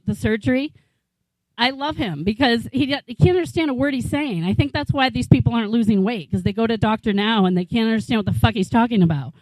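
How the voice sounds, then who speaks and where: A woman's voice: high-pitched, no room sound, poor audio. Incredulous fortysomething woman doing stand-up. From New England, USA. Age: 40s. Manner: rambling, incredulous, swears freely. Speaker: stand-up comic. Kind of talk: stand-up comedy set. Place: small bar comedy night.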